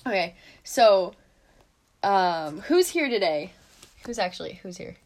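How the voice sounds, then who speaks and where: A woman's voice: medium pitch, very animated, unhurried, a little mellow. A young woman hosting her own podcast in casual chat, laughing often and leaning on fillers like "um" and "like". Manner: laughing, chatty, filler-heavy. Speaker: podcast host. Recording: noisy amateur recording.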